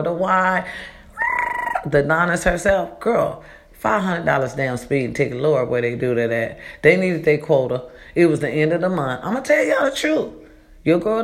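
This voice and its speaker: A woman vlogger talking casually in an echoey borrowed room, giving chatty, preachy life advice and calling her listeners baby and y'all. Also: low-pitched. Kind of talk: casual motivational monologue.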